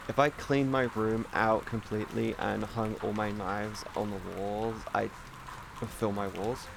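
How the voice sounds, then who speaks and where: A man chatting casually on a live stream, rambling and excitable, swearing often and restarting sentences. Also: on the low side, creaky, noisy background.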